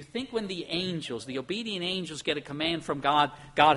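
A middle-aged man preaching a sermon in an earnest, emphatic way, moving between soft and loud. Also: a little high, lively intonation, moderate pace, few pauses, slight background noise. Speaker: pastor.

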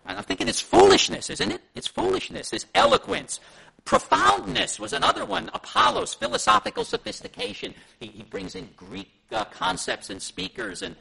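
A man's voice: high-pitched, wildly swooping pitch, normal speed, creaky, bright, forceful tone, breathy edge, low-quality recording. A male pastor with a Pennsylvania Dutch accent, teaching a Sunday school class in a conversational, rambling way full of anecdotes.

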